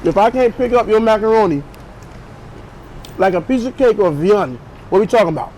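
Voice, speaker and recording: A man's voice: high voice, expressive, moderate pace, a little mellow. A man hosting a casual food review vlog. He talks bluntly and with lots of slang, giving opinions on each dish. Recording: noisy outdoor street sound.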